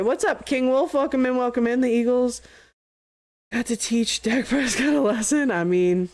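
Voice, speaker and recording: A young woman doing casual live play-by-play of a baseball game, chatty and easily sidetracked, swearing freely between pitches. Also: normal speed, a little mellow. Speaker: play-by-play streamer.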